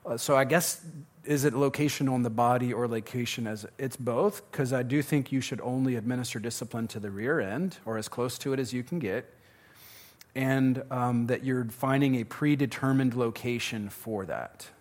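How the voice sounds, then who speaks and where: A man's voice: mid-range voice, moderate pace. A man speaking at a live question-and-answer session, conversational and joking, often restarting his sentences. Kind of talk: live Q&A talk.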